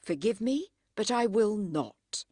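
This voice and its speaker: A woman reading a firm, proud Edwardian lady who speaks crisply and does not yield. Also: mid-range voice, animated, slow, warm tone, no room sound, clean studio sound, voice pushed up. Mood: defiant. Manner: crisp and unyielding.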